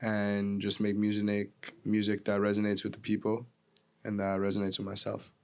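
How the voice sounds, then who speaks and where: Young guy guesting on a podcast, lowish voice, pretty monotone, says "like" and "um" a lot. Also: smooth. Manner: soft-spoken and hesitant, pausing with "like" and "um". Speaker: musician guest. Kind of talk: casual podcast interview.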